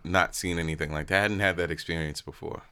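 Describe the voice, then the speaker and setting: A man's voice: sits low, steady tone, fast talker, pushed and bright, clean tone. A man co-hosting a podcast, chatting eagerly and enthusiastically about films. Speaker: podcast co-host. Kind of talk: casual film chat.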